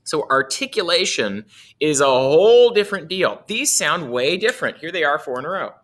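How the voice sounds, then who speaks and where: A man's voice: a little high, very animated, normal speed, a bit bright. A man teaching a casual music lesson, playful and chuckling often as he explains.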